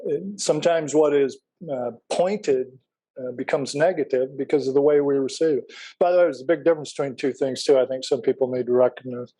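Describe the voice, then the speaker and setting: A man's voice: mid-range voice, fairly quick, mellow, rough recording. A middle-aged man teaching a Bible class in a casual, folksy way, telling personal stories and asking the class questions.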